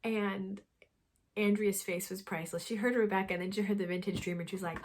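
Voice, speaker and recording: Knitting vlogger, woman, breathy and husky, animated storyteller who slips into whispers. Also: medium pitch, fast talker. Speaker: knitting podcast host. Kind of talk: casual chat to camera.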